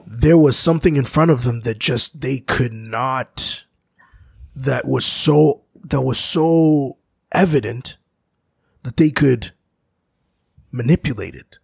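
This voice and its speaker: Man, musician guest. Gravelly, husky voice, dry close sound, slow and reflective. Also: medium pitch, dry recording. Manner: slow, searching, philosophical, often restarts. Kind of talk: reflective conversation.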